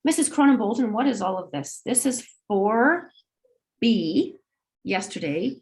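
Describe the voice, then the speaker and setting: A woman's voice: medium pitch, animated, unhurried, darkish tone. A middle-aged woman on a video call, presenting a school assembly in an upbeat, encouraging way. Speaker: school administrator hosting an assembly.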